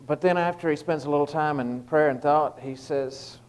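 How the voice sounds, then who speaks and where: A lay preacher gives a short, informal evening devotional, conversational and pausing often with fillers and restarts. His voice is on the high side and clean, at normal speed, though the recording is rough.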